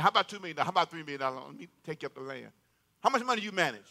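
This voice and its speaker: Male pastor, high and sharp-toned, emphatic call-and-response sermon delivery. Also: lively intonation, racing, vocal fry. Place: church sanctuary.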